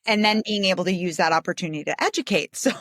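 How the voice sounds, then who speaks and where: A woman's voice: fairly low pitch, lively intonation, fast talker, no echo, studio quality. A woman social worker as a podcast guest, explaining her views in a thoughtful, conversational way. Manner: thoughtful, explanatory, warm laughter. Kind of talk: casual interview.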